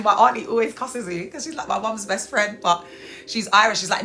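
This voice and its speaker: Woman host, bright and forceful, chatty stream talk with high excited outbursts, faint music underneath. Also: normal speed. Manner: chatty, animated, talks straight to viewers; breaks into high excited exclamations. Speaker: livestream host. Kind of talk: casual live-stream chat reading viewer comments. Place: hospital bed, indoors.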